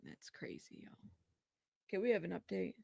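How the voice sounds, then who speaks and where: A woman's voice: medium pitch, very animated, normal speed, vocal fry, darkish tone, no echo, studio quality. A young woman hosting live news commentary, reading court updates aloud and reacting with laughs and asides. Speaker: host reading trial updates.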